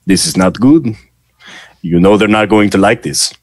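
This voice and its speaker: A man voicing a weary, exasperated male criminal boss in a tabletop game, grumbling low and bursting into cursing. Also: moderate pace, no echo, lightly acted.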